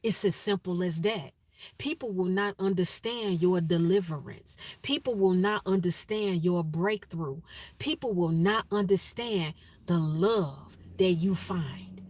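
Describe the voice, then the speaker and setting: A woman telling a personal story to her viewers in a casual, animated way, jumping high in pitch when she acts out what people said, and turning to direct advice for her listeners. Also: a little slow, no room sound. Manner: animated, acts out quotes with sharp pitch jumps; conversational, addresses listeners directly.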